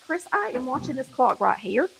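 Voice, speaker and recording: A woman's voice: sits high, big pitch swings, normal speed, vocal fry, slight background noise, rough recording. A woman with a country Southern accent hosting a cooking show, chatting folksily to viewers while she cooks in her kitchen. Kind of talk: casual cooking chat to viewers. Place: home kitchen.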